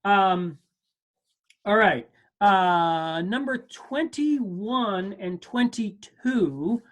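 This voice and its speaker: A man teaching percussion over a video call, speaking casually and encouragingly. He counts beats aloud and corrects himself as he goes, in a relaxed class tone. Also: sits high, drawn-out words. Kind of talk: online music lesson. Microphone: video call mic.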